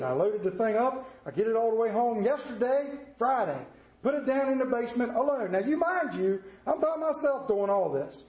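A man with a high voice preaches a conversational sermon, spinning folksy, humorous stories. The sound carries a roomy church echo. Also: animated, normal speed, darkish tone. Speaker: lay preacher. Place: church sanctuary.

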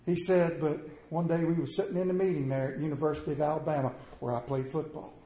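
A man preaching a sermon, telling stories and swinging between quiet and loud delivery. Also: on the high side, steady tone, fast, slight background noise. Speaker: pastor. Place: church sanctuary. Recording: roomy church echo.

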